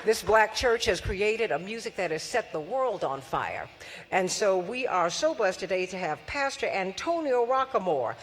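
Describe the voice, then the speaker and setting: A woman's voice: mid-range voice, lively intonation, normal speed, slight background noise. A woman hosting a live forum, rousing the audience with repeated phrases and calls for applause. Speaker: forum host and radio host. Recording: long hall reverb.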